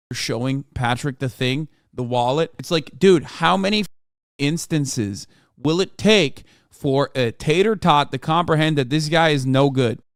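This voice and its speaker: A man streaming casual reaction commentary, reading news aloud quickly and reacting with slangy disbelief. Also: mid-range voice, no room sound, clean studio sound. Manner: incredulous, slangy, reads articles aloud quickly.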